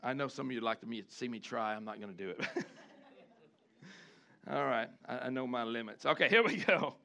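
A man preaching a sermon, animated, switching between chatty asides and loud shouted lines, acting out the people he quotes. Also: medium pitch, fairly quick, vocal fry. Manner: acts out the congregation and the people he quotes. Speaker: pastor.

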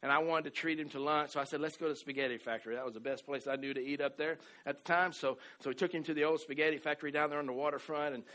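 A middle-aged man from the American South delivers a storytelling sermon in a bright, forceful voice pitched a little high. He restarts and repeats words often. He swings between loud exclamations and quiet asides. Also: steady tone, very fast, hardly any pauses. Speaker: pastor.

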